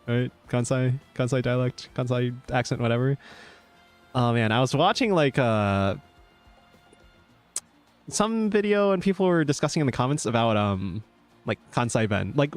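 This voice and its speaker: A male VTuber chatting casually while streaming a game, rambling with lots of fillers and easy laughs. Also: mid-range voice. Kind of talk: casual gaming stream chat.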